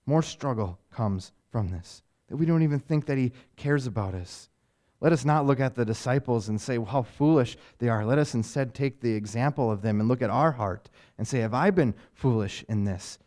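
A man's voice: mid-range voice, lively intonation, normal speed, dark tone. A man preaching a sermon as a pastor, earnest and conversational, building intensity with rhetorical questions and casual asides.

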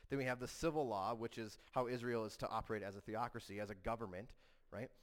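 A man's voice: lowish voice, steady tone, quick pace. A male pastor preaching a sermon in a conversational way, often stopping to ask "right?" and restarting sentences.

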